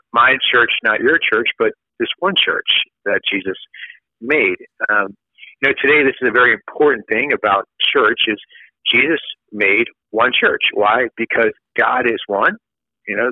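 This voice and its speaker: A man's voice: lowish voice, no echo. A male priest explaining church teaching in a loose, conversational way, with many fillers and restarts. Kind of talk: casual catechism teaching. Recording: phone-like lo-fi sound.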